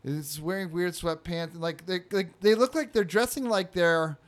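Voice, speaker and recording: A man's voice: sits high, moderate pace. A man telling a story in casual chat, rambling with lots of fillers. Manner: rambling, filler-heavy, acts out quotes in a raised voice.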